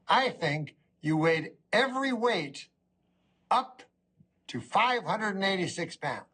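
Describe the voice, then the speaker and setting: A middle-aged man doing a stand-up comedy routine, rambling with a deadpan delivery. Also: high-pitched, measured pace, breathy edge.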